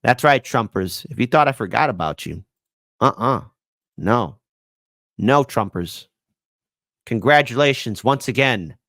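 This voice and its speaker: A man's voice: medium pitch, lively intonation, measured pace, long pauses, a bit bright, dry recording, studio quality. A man hosting live-stream political commentary in a sarcastic, mocking way, laughing at his own jokes.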